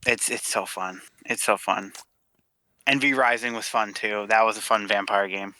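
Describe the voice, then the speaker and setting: Bright-voiced, easygoing podcast man. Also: on the low side, fairly even intonation, normal speed, no room sound. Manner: easygoing, hesitant. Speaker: podcast co-host. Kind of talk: casual chat.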